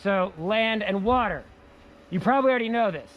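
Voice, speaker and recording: A male science teacher giving a playful, energetic hands-on lesson outdoors in the snow, repeating key words. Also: high voice, a little fast, phone-quality sound, slight background noise.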